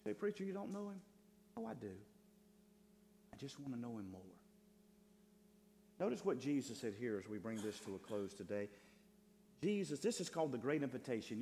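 A male pastor preaching a sermon with fervor, swinging between loud, stretched lines and hushed asides. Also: medium pitch. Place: church sanctuary. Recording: long hall reverb, faint hum.

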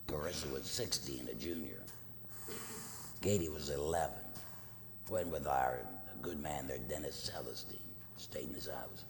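A middle-aged man preaching a sermon as pastor, telling a family story with acted quotes, swinging from loud to hushed. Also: extremely low pitch. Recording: long reverb, faint noise.

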